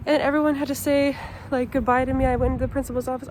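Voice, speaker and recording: A high-voiced woman in her late twenties talks into a phone held at arm's length, sick and stuffy behind a mask. She gushes with repeated exclamations, overwhelmed and close to tears. Background noise hisses under her voice outdoors at night. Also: level tone, very fast, a little mellow. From Chicago, USA. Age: late 20s. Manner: emotional, gushing, repeated exclamations. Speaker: vlogger, departing English teacher. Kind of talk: handheld vlog talking to camera. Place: school grounds at night, partly outdoors.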